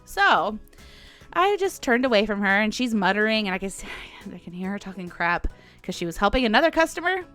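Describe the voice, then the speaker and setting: A woman in her forties tells a rambling story on her podcast, laughing between lines and acting out what people said. Her voice swings up and down constantly. Soft music plays faintly behind her. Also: medium pitch, fairly quick. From United States. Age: 40s. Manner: animated, chatty, laughs often, acts out quotes. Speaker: podcast host. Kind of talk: casual storytelling monologue.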